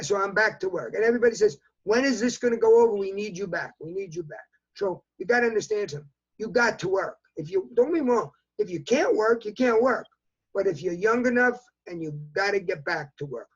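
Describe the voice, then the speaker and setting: Emphatic 85-year-old New York man. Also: high voice. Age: 80s. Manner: emphatic, repetitive, talks in bursts. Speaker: interview guest. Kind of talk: remote news interview. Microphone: video call. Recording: dull lo-fi video call audio.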